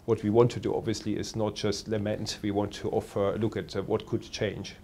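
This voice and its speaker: A man working as a telecoms analyst, answering interview questions in a measured way with many pauses and fillers. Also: fairly low pitch, flat delivery, a little mellow, a little hiss or hum.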